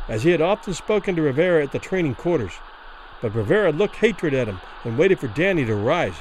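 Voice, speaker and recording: A man reads a classic boxing story aloud with dramatic, expressive delivery. His voice sits a little higher than most men's and rises and falls in lively waves. The pace follows the tension of the fight. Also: brisk, a little hiss or hum, poor audio. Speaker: narrator. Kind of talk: dramatic audiobook narration.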